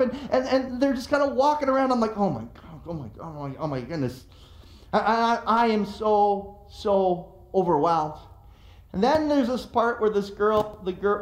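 A middle-aged man preaching a sermon as pastor, telling stories in an animated, emphatic way. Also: high-pitched. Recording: echoey room.

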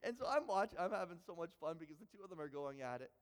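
Animated pastor in a reverberant hall. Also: male voice, fairly high pitch, rapid-fire. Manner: animated, repeats words when excited. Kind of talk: sermon storytelling.

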